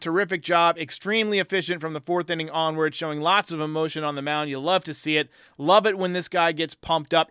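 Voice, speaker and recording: A man hosting a sports podcast, giving an excitable casual game recap and talking straight to his viewers. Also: high voice, clean tone, no echo, studio quality. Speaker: podcast host.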